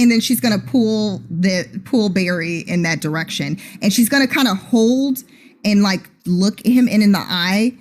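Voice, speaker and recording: A woman's voice: mid-range voice, moderate pace, a little mellow. Casual woman game player. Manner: casual, filler-heavy. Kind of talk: describing her character's actions.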